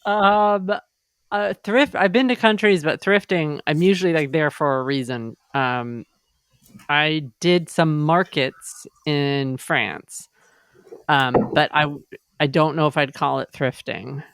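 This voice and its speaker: A woman's voice: sits low, takes it slowly, smooth, no room sound, studio quality. A woman co-hosting a podcast in casual chat, rambling and chatty. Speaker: podcast co-host.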